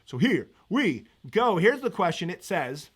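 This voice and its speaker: A man's voice: sits high, sing-song, a little slow, breathy edge. A man teaching economics in a live-stream review, chatty and upbeat, laughing easily as he reads viewer comments.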